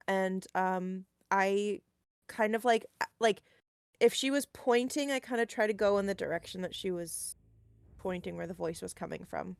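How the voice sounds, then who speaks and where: A woman's voice: mid-range voice, moderate pace, vocal fry, smooth, dry recording. A woman playing in a tabletop horror game, describing her character's actions in a chatty, hedging way full of "like" and "kind of". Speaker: player. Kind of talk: tabletop role-play, in and out of character.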